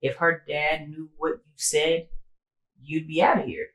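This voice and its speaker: A young woman co-hosting a podcast, telling a personal story in a slangy, candid way and jumping higher in pitch when she quotes people. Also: fairly even intonation, a little slow, fairly bright tone, reverberant, rough recording. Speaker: podcast co-host. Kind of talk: casual storytelling.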